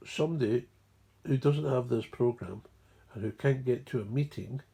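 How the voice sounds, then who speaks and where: A man's voice: medium pitch, moderate pace, vocal fry, warm tone, breathy edge. A Scottish man, mumbling and digressive, explaining a recovery program in a rambling way. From Scotland. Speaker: recovery speaker.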